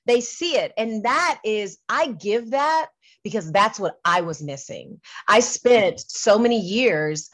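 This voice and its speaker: A woman's voice: medium pitch, lively intonation, takes it slowly. A middle-aged woman talking candidly and earnestly as an interview guest, repeating and restarting phrases as she makes her point. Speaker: singer and entertainment business owner, interview guest.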